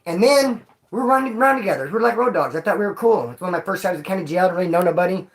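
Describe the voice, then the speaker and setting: A man's voice: sits high, animated, very fast. A man talks straight to his viewers in a loose, rambling storytelling vlog. He leans on street slang, calls everyone homeboy and dog, and keeps cracking jokes as he goes. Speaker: vlogger telling prison stories.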